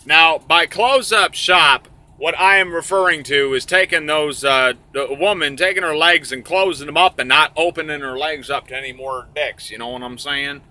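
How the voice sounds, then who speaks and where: A man's voice: fairly high pitch, moderate pace, hardly any pauses, bright, forceful tone. A man telling a crude comic story, rambling and profane.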